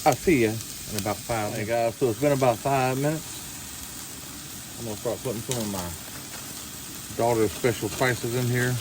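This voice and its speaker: Here a Southern-accented, middle-aged man speaks at a moderate pace in a medium pitch with fairly even intonation, pausing often. He's an outdoor vlogger making casual, folksy cooking talk to a nearby camera at a winter campsite, with a sizzling pan and outdoor sounds behind him.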